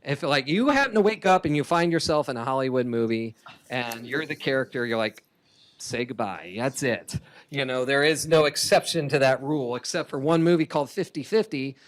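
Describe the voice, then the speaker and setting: A man giving a keynote talk as a comic artist, lively and chatty, laughing often. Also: mid-range voice, a little fast. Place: conference hall stage.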